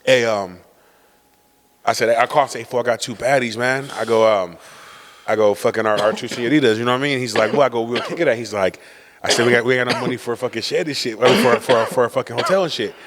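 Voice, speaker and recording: A man co-hosting a podcast, telling family stories in quick slang and acting out his father's lines. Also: medium pitch, long reverb tail, a crowd in the background. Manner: rapid slangy banter, acts out his dad. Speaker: podcast co-host. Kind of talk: casual storytelling chat.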